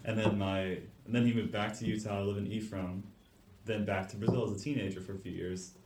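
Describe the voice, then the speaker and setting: A man's voice: fairly low pitch, steady tone, brisk, darkish tone. A young man from Delaware chatting casually on a podcast, laid-back and joking, often stammering and restarting. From Delaware, US East Coast. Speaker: podcast co-host. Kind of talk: casual chat. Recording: echoey room, faint noise.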